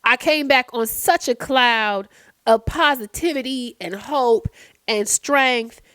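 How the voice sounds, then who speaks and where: A woman's voice: a little high, slow pace, no echo. Profane woman ranting late-night chat. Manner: profane, animated ranting with sudden loud outbursts. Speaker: vlogger.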